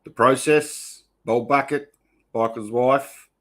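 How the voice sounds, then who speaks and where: An Australian man hosting a casual livestream, greeting viewers one by one in a relaxed, matey way. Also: medium pitch, takes it slowly. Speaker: host.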